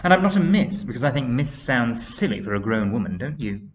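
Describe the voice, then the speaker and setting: A man voicing a firm, mysterious young woman teacher with a quiet but theatrical delivery, on a dull lo-fi recording. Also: mid-range voice, sing-song, fairly quick, a little hiss or hum, close to an everyday voice. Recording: dull lo-fi sound.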